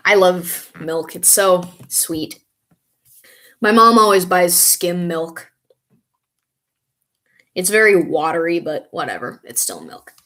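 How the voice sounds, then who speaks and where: A woman's voice: on the low side, animated, slow pace, long pauses, fairly bright tone. A young woman vlogging in a casual, rambling way, stopping now and then to recall names. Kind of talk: casual chat reading and answering comments.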